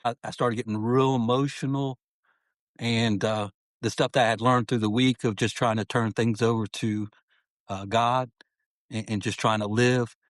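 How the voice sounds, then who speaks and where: A man's voice: mid-range voice, fairly even intonation, normal speed, dry recording. A middle-aged man telling his life story as a podcast guest, earnest and heartfelt, often saying "man" as he talks. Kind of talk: personal storytelling in an interview.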